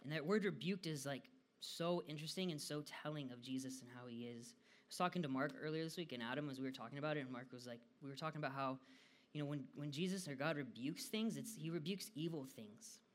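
A young man from the United States gives a relaxed devotional talk. He sounds chatty and laid-back, with lots of fillers and a slightly high voice. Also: quick pace. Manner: casual and chatty, frequent "like" fillers, laughs often.

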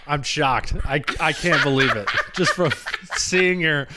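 A man's voice: fairly high pitch, a little slow, very noisy. A man hosting a casual podcast chat, teasing his guest with dry jokes. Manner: relaxed, joking, teasing interviewer.

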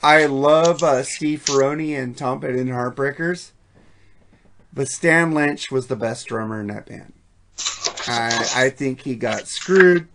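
Gravelly, profane man gushing about music. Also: mid-range voice, slow pace, a bit bright, slight background noise. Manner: profane, enthusiastic, rambling. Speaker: podcast host. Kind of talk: casual music chat.

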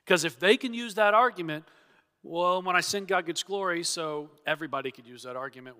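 Preaching an expository sermon, this pastor speaks in a high-pitched, brisk, smooth voice with a sharp edge. He's earnest and emphatic, dramatizing the objections he quotes, and the church hall adds a long reverb.

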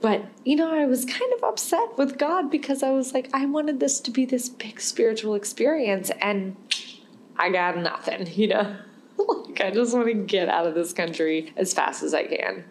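A woman's voice: mid-range voice, normal speed, a little hiss or hum. A young woman hosting a podcast, telling a personal story in a candid, rambling way and laughing now and then. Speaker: podcast host.

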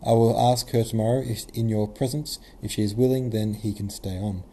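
A man's voice: lowish voice, steady tone, fairly quick, warm tone, breathy edge. A man voicing a crafty middle-aged male prince in a novel reading, ingratiating and persuasive. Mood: coaxing. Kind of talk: audiobook character reading.

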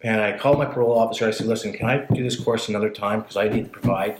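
A man telling his life story in a casual chat, blunt and profane, getting animated when he retells scenes. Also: on the low side, racing, echoey room, a little hiss or hum, poor audio.

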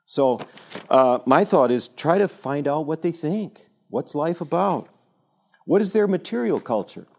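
Older male speaker, mellow voice, animated and digressive, telling anecdotes to younger listeners. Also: a little high, measured pace, vocal fry. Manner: animated, rambling storyteller with many fillers and restarts. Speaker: speaker addressing a younger audience. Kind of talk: informal talk with anecdotes.

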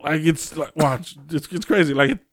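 A man's voice: a little high, moderate pace, no echo, studio quality. A man hosting a podcast, telling a story in casual chat, rambling with many fillers and restarts. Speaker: podcast host.

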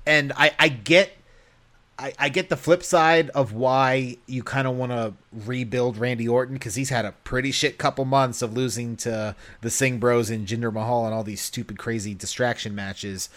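A man on a casual podcast, rambling and filling pauses with ums and uhs. His voice sits at an ordinary middle pitch. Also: steady tone, fairly bright tone. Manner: rambling, with many fillers. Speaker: podcast co-host. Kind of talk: casual chat.

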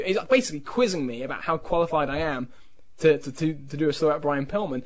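Brief: man, slightly high voice, chatty author who laughs through his anecdotes. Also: fast talker. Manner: animated, laughs often, swears casually. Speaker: author and podcast guest. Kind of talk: casual storytelling chat.

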